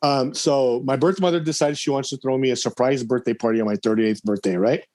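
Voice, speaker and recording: A man in his thirties tells a personal story on a podcast, talking casually at a middle pitch. He is animated and often acts out the voices of the people in his story. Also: brisk, no room sound. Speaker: podcast guest, adoptee.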